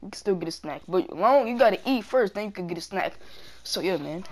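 Excitable trash-talking male gamer. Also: high-pitched, fairly quick. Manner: excitable trash-talking, slangy filler words. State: out of breath. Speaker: gaming channel host. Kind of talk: live gameplay commentary.

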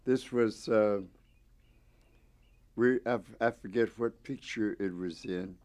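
Interviewed at home, a man in his nineties reminisces through old stories, rambling with frequent restarts and chuckles. He speaks slowly in a lowish, somewhat dark voice.

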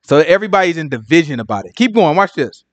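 A man teaches scripture in loose street slang, playing out the characters as he talks. His voice sits high and swings widely in pitch. The sound is dry and close. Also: fast, no room sound. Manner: slangy, animated, acts out characters. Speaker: Bible teacher. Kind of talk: casual Bible teaching.

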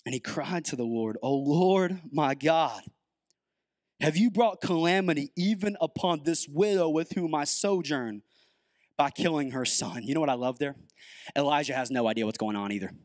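Guy preaching a sermon, high voice, lots of "like", dry close sound. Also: normal speed, pauses often, dry recording. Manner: conversational, many "like" fillers, rising to emphatic. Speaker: guest pastor.

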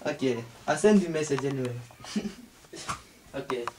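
Man doing a short-fused young guy, yells and curses, heard from across the room, faint hiss. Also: medium pitch, lively intonation, normal speed, close to an everyday voice. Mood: sweet-talking. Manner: yelling and swearing, then crooning on the phone. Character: hot-tempered young man threatening an intruder. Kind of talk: amateur comedy short film acting. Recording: distant mic with faint noise.

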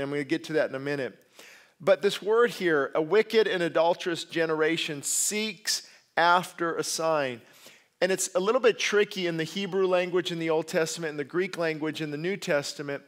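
A man preaching a sermon, emphatic and repeating key words, with conversational asides and self-corrections. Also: a little high. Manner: emphatic, repeats key words, grows louder when stressing points. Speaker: pastor.

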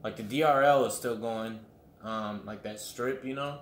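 A man rambling through a casual solo podcast, swearing often and leaning on "like" and "you know." He talks at a mid pitch. The room is echoey, with a faint hiss of noise underneath. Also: moderate pace. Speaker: podcast host.

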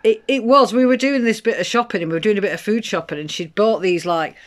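A woman's voice: medium pitch, fast. A woman in casual chat, chiming in with short prompts and side remarks. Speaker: co-host.

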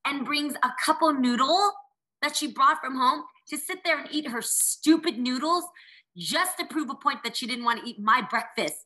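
A woman hosting her own show argues back at her mother with sarcastic, indignant comebacks. Her voice sits high and sounds bright and sharp. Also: lively intonation, moderate pace, low-quality recording. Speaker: host. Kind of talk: heated family conversation.

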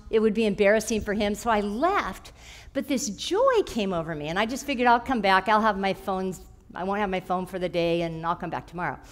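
A woman telling a personal story in a conversational way at church, quoting voices as she goes. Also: mid-range voice. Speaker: church speaker.

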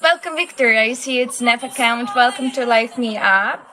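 A woman's voice: a little high, moderate pace, pushed and bright, slight background noise. A young woman from Belarus hosting a casual live stream, greeting viewers one by one in English, her voice a little sick. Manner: greets viewers one by one, giggly, non-native phrasing. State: slightly sick voice.

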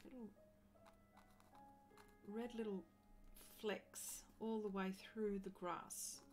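A middle-aged woman chatting casually to viewers while she paints on a live stream, chatty and self-deprecating with bursts of excited laughter. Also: mid-range voice, slow, faint music behind.

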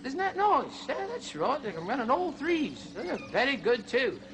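A chirpy zany zoo host. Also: male voice, very high voice, huge pitch swings, normal speed, exaggerated voice. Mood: chirpy lecture. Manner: folksy lecturing, "you see", "mate". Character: zany zoo-show host Bawana Clyde, male.

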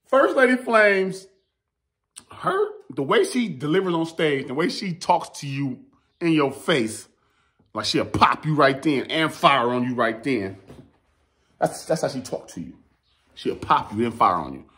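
A man giving casual, excitable battle rap commentary, rambling and slangy. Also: mid-range voice, unhurried.

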